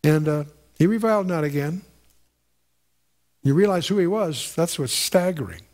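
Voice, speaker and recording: A man's voice: a little high, normal speed, darkish tone. Emphatic man teaching the Bible. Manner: conversational, emphatic, repeats phrases, reads scripture with lifted voice.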